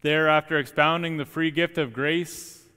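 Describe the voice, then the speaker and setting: A young man, a student preacher, delivering an earnest, emphatic sermon with deliberate pauses in a church. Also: a little high, fairly even intonation, bright, forceful tone, smooth. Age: young adult. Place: church sanctuary. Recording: long church reverb.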